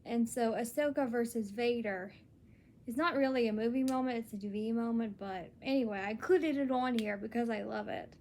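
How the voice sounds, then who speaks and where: A woman's voice: fairly high pitch, a little fast, a little mellow, a little hiss or hum. A young woman talking in a casual solo vlog, earnest and rambling, with many restarts. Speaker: vlogger.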